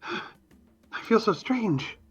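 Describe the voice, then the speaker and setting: A man playing his character in a tabletop game, earnest and a little hesitant. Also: very slow. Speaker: player.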